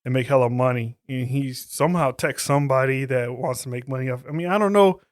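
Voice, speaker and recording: A man's voice: mid-range voice, brisk, dry recording, clean studio sound. A man hosting a podcast, reviewing horror movies in casual, profane, slang-filled chat. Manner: profane, slangy, laid-back. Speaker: podcast host.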